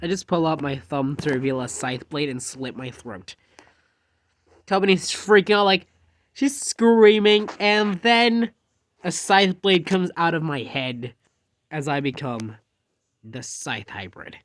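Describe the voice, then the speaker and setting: A man's voice: fairly high pitch, unhurried, fairly bright tone. A man casually telling a rambling fan story, jumping animatedly into quoted dialogue.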